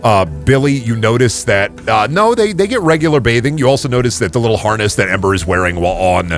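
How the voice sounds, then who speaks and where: A man's voice: mid-range voice, lively intonation, fast, soft background music. A man narrating as game master of a tabletop role-play podcast, rambling with many fillers and restarts.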